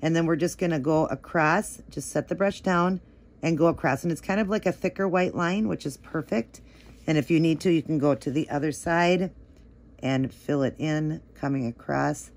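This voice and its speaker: A woman with a notably low voice talks through her nail art at home. She rambles casually, full of "like" and "um", explaining each step as she paints. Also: moderate pace, darkish tone. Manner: chatty, rambling, many "like" and "um" fillers. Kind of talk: casual tutorial talk.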